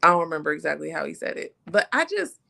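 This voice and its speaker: A woman co-hosting a live reality show review, talking in a blunt, sassy, animated way. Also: low-pitched, fast, gravelly. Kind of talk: casual live-stream chat.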